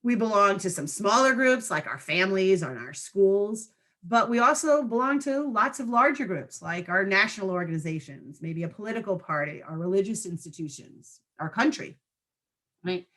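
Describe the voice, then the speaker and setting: Woman trainer, conversational, mid-pitched, keeps checking in with the group. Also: lively intonation, moderate pace, fairly bright tone. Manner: conversational, checks in with frequent tag questions. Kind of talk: online training presentation.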